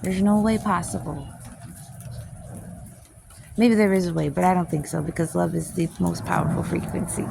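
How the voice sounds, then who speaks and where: A woman's voice: on the low side, measured pace, vocal fry, long pauses, background noise. A woman poet teaching a casual spiritual class outdoors. She speaks candidly, swears freely, and laughs often. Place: outdoors, with planes passing overhead.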